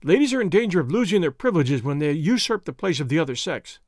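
A man's voice: fairly high pitch, lively intonation, fast, a little mellow, no echo, clean studio sound. A man reading aloud and voicing a conservative, pedantic Victorian country doctor with a formal, stiff manner. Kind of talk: audiobook character voice.

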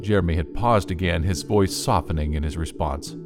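A man's voice: deep voice, brisk, music in the background. A man narrating a children's story in an audiobook.

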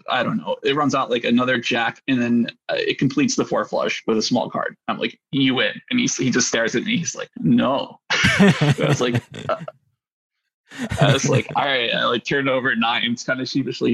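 Gravelly, bright-toned man telling a poker story. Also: medium pitch, steady tone, normal speed, poor audio. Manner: rambling, filler-heavy, self-deprecating. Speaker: poker player guest. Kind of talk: casual storytelling on a podcast.

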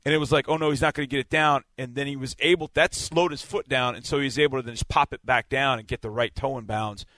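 Man retelling a game, animated and dry. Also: medium pitch, fast, hardly any pauses, dry recording. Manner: animated, vivid play-by-play retelling. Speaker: sideline reporter. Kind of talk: casual storytelling on a sports podcast.

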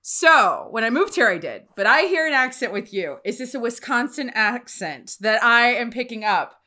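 A woman from Louisiana hosting a casual chat, animated and full of quick questions and laughs. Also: a little high.

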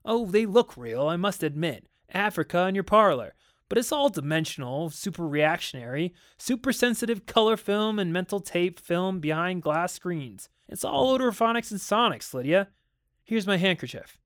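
A man reading aloud and voicing a calm husband who soothes and teases lightly. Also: high voice, normal speed, no echo, clean studio sound, voice pushed up. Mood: reassuring. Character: easygoing, reassuring husband, adult man.

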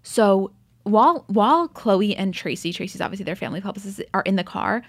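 Woman gossiping fast about a reality show, acts out every quote, dry mic. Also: medium pitch, no room sound. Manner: animated, acts out quotes with swearing. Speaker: podcast co-host. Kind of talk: casual chat recapping a reality show.

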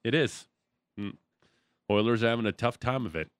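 A man's voice: medium pitch, lively intonation, normal speed, clear, resonant tone, no room sound. A man hosting a sports radio show, bantering and teasing his co-host and guests with a jokey, laughing manner. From Canada. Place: radio studio. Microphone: studio microphone.

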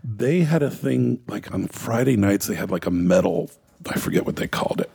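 A middle-aged man spinning casual road stories in a heavily gravelly voice. His tone is husky and raspy, and he rambles along with plenty of "you know"s. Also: on the low side, lively intonation, moderate pace, mellow. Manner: laid-back, rambling, with many "you know"s and "like"s. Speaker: guest, former touring crew member. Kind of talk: casual storytelling on a podcast.

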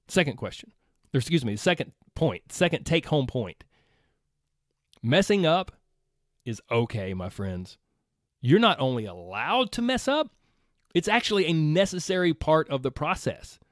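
A man's voice: on the high side, no echo, clean studio sound. A man coaching listeners through an earnest, conversational motivational talk, repeating phrases for emphasis. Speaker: health and weight-loss coach.

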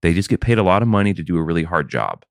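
A man with a very low, deep voice talks in loose, rambling podcast chat. His delivery is wry and profane, and the dry, close recording has almost no room sound. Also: very animated, very fast, gravelly, dry recording. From American South. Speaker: podcast co-host. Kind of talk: casual chat.

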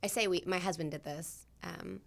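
A woman's voice: on the low side, fairly even intonation, normal speed, vocal fry. A young woman guest in a casual chat, enthusiastic and talkative with many fillers.

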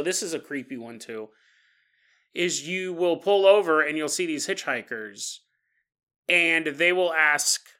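A man's voice: fairly high pitch, pushed and bright. A man hosting a podcast, telling ghost stories casually with playful, jokey asides. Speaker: podcast host. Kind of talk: casual paranormal storytelling.

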